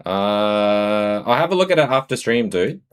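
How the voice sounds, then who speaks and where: A man's voice: lowish voice, sing-song, measured pace, smooth. A man with an Australian accent chatting casually on a live stream, greeting and answering his viewers.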